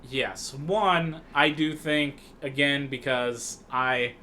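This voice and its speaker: A man co-hosts a casual podcast, talking through a film in a loose, rambling way full of fillers and restarts. His voice is bright and forward. Faint background noise sits under the talk. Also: medium pitch, slow pace. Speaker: podcast co-host. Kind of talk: casual film recap chat.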